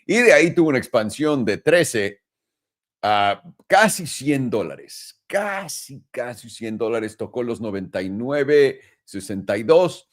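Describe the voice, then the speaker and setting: A man's voice: mid-range voice, lively intonation, moderate pace. A man co-hosting a trading stream, telling stories and walking through charts in a casual, crude way. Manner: loose, profane, joking. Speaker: co-host, trading educator. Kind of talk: casual chat and chart walkthrough.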